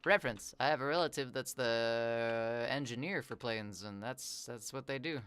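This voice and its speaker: A game streamer with a smooth, even voice, recorded close and dry at a home desk microphone. They ramble playfully and slip into musing asides between quick reactions to chat. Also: medium pitch, dry recording. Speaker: variety streamer. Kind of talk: casual live-stream chatter while gaming.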